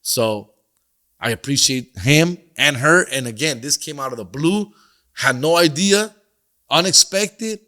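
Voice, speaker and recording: A middle-aged man tells a story on his podcast, cursing freely and dropping slang and Spanish phrases. His voice sits a little high for a man and sounds bright and forceful. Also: expressive, unhurried. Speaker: podcast host and comedian. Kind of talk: casual storytelling monologue.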